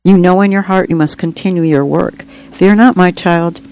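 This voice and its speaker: The narrator of a spoken memoir voicing a wise male dove that speaks slowly, softly and reassuringly. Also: mid-range voice, steady tone, natural voice, rough recording. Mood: gentle. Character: gentle wise male dove, calm messenger.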